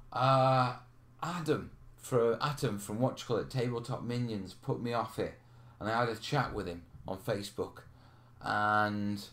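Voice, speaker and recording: A man hosting a live question stream, chatting casually, laughing and reading out viewer comments. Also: mid-range voice. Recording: roomy echo.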